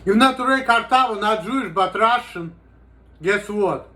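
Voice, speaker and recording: High-voiced man rambling in a vlog. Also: normal speed, sharp tone. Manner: rambling, profane, heavy use of "you know". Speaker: vlogger. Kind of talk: casual vlog monologue.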